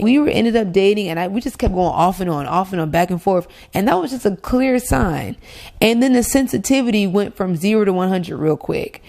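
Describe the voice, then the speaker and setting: A woman hosting her own show, telling a dating story in a candid, animated way and swearing freely. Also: mid-range voice, gravelly. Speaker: podcast host. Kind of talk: casual storytelling. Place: Los Angeles.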